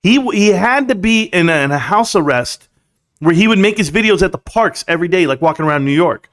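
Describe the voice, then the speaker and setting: A man's voice: sits high, lively intonation, brisk, a bit bright. Joking young man hosting a livestream. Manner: joking, crude, laughs often, says bro a lot. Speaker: livestream host. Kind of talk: casual livestream chat.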